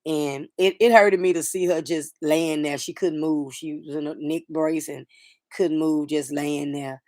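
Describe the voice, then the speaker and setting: A middle-aged woman hosting a casual livestream chat, talking softly and sadly to viewers, rambling with fillers and restarts. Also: deep voice, fairly even intonation, measured pace, no room sound, studio quality. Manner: soft-spoken, grieving, rambling with fillers and restarts. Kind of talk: casual personal talk to viewers.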